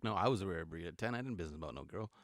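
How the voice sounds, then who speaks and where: A man in his thirties co-hosting a podcast, chatting in animated, laughing, slangy banter. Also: deep voice, rapid-fire, dry recording, clean studio sound. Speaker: podcast co-host. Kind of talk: casual chat.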